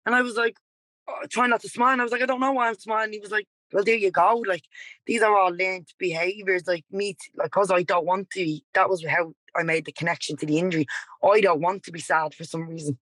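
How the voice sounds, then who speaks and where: With a Dublin accent, this Irish woman in her twenties, a yoga and dance teacher, rambles animatedly through a candid personal story on a podcast, repeatedly saying "like" and "he was like." Her low-ish voice runs a little fast, in a low-quality recording without room sound.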